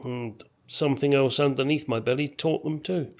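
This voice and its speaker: A man's voice: mid-range voice, normal speed, faint music behind. A man chatting casually in his home garage about a car restoration, rambling and making crude jokes. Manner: rambling, crude joking, swears freely. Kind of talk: casual workshop chat.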